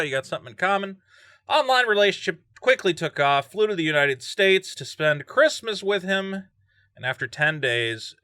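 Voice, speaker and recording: A man's voice: on the high side, bright, forceful tone, dry recording, studio quality. A man reading and joking through a true-crime story as a vlogger, laughing often and breaking off into asides. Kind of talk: casual true-crime commentary.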